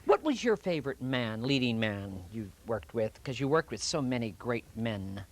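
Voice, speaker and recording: A man's voice: medium pitch, very animated, moderate pace. A man hosting a celebrity interview, gushing and asking leading questions. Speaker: talk show host.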